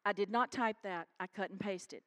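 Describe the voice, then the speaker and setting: A woman pastor preaching a sermon in church, animated and calling out to the congregation. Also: mid-range voice, normal speed. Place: church sanctuary.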